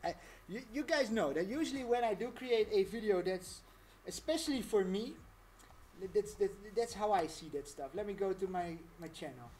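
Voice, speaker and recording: A woman's voice: mid-range voice, lively intonation, normal speed, a little mellow, slight background noise. Rambling woman streaming a casual tutorial. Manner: rambling, chatty, laughs often.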